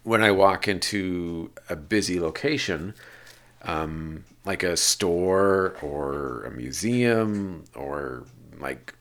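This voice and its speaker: Deep voiced guy with a gravelly fry, podcast host reading off a list then rambling a bit. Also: takes it slowly, a bit bright. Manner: reads lists plainly, then rambles with restarts. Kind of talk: reading notes, then casual personal talk.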